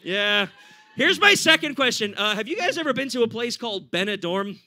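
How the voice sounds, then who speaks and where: A man with an American accent doing a standup comedy set for a live audience, animated and laughing often. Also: extremely high pitch, brisk, noisy background. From United States.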